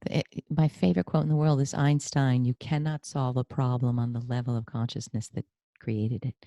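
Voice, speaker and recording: A woman hosting a podcast interview as a career coach, effusive and animated, telling personal stories. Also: extremely low pitch, moderate pace, no room sound.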